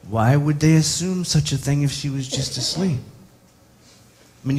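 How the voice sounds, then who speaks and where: A man's voice: mid-range voice, darkish tone. A man preaching a sermon, reflective and posing many rhetorical questions to the congregation.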